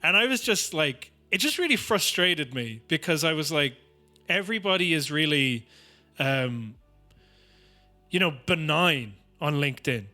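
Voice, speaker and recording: A man's voice: fairly high pitch, lively intonation, unhurried, sharp tone, soft background music. An Irish man on a podcast, ranting and swearing in a casual comedic way. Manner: sweary, ranting, slips into mocking quote voices. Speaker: podcast co-host.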